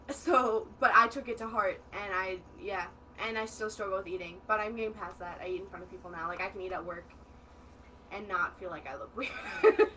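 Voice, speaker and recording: A young adult woman co-hosting a casual chat, telling stories in an animated way and acting out what others said. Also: medium pitch, normal speed, recorded from a distance, slight background noise, poor audio. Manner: animated storyteller who acts out quoted dialogue. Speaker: co-host, daughter of the host.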